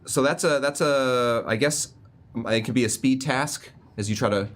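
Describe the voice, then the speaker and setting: A man narrating as game master for a tabletop roleplaying game, talking in a relaxed, conversational way. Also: medium pitch, normal speed. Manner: relaxed and conversational, with frequent fillers and restarts.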